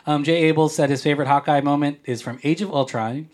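A man's voice: fairly high pitch, fairly even intonation, fast, darkish tone. A man hosting a casual podcast, joking around and reading listener comments aloud in a playful way. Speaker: podcast host.

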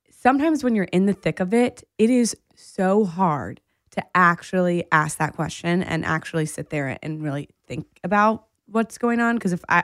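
A woman co-hosting a podcast, telling a story in casual chat, animated and laughing often. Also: fairly low pitch, dry recording, clean studio sound. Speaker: podcast co-host.

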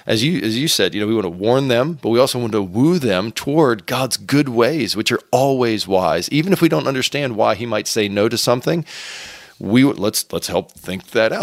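Soft-spoken low male pastor, earnest. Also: no room sound, studio quality. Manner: earnest, gentle, with frequent restarts and repeated words. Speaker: pastor and author, guest. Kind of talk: conversational interview answers.

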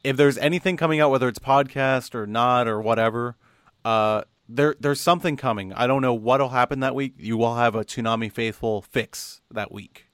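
A young man co-hosting a podcast, talking casually and rambling a little, reading numbers out slowly. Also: mid-range voice, a bit bright, clear, resonant tone, no echo, studio quality. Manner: rambling with fillers and restarts, reads numbers out slowly. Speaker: podcast co-host.

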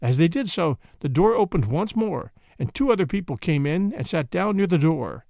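A man reading a classic mystery novel aloud in a measured, expressive narration. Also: fairly high pitch, gravelly, no room sound. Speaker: audiobook reader. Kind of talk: scripted narration.

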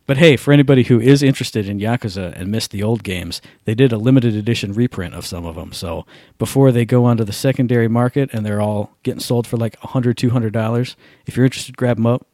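A man co-hosting a podcast, chatting in a relaxed, joking way. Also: medium pitch, fast, hardly any pauses, dry recording, studio quality. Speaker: podcast co-host. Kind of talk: casual chat.

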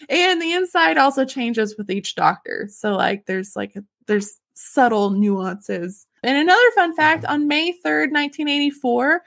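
A woman's voice: high-pitched, gravelly, a bit bright. A woman casually sharing fun facts on a podcast, giggly and enthusiastic. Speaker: podcast host. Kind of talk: casual chat, reading out facts.

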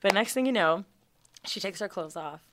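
Bright-voiced young woman telling a wild story. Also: medium pitch, moderate pace, dry recording. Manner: animated, profane, rambling storyteller. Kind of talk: casual storytelling chat.

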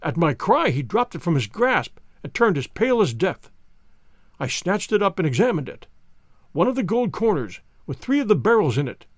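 Brief: male storybook reader, dramatic and animated, dry recording. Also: sits high, normal speed, dry recording. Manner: lively, dramatic reading. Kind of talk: audiobook narration with character voices.

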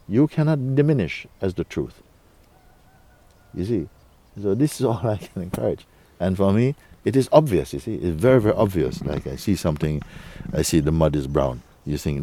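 A man with a low voice leads a spiritual talk for a gathering. His tone is dark and mellow. He speaks slowly and coaxingly, with soft chuckles and frequent checks of "you see?". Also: expressive, no room sound. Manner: unhurried, coaxing, often asks "you see?". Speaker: spiritual teacher.

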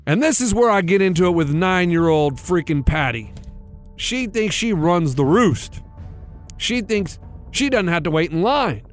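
Unhurried and high-voiced, a man in his thirties rambles through an animated story on his radio show, where he's a co-host. He acts out the quotes as he goes, with soft background music under the casual storytelling.

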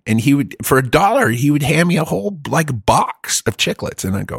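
A man's voice: on the high side, very animated, brisk, vocal fry, husky, no room sound, clean studio sound. A middle-aged man telling a long story in a casual chat, rambling, swearing and laughing often.

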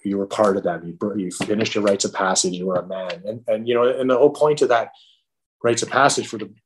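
Middle-aged male guest, lowish voice, halting heartfelt storyteller, restarts a lot. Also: slight background noise. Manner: halting, many restarts and fillers. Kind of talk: emotional storytelling in conversation.

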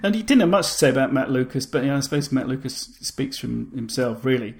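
A man co-hosts a fan podcast in easygoing casual chat. His speech is relaxed and conversational. His voice sits at a middle pitch. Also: fast talker, creaky. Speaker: podcast co-host.

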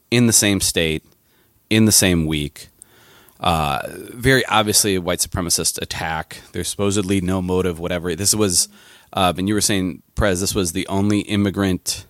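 A man's voice: deep voice, no echo, clean studio sound. A man co-hosting a political podcast, talking with passion and often restarting his sentences. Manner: impassioned, with frequent restarts and fillers. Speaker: podcast co-host.

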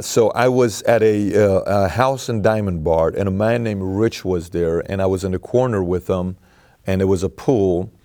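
A man being interviewed as a guest, telling stories in an animated way and often restarting and repeating his words. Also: deep voice. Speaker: podcast guest. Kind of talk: interview conversation.

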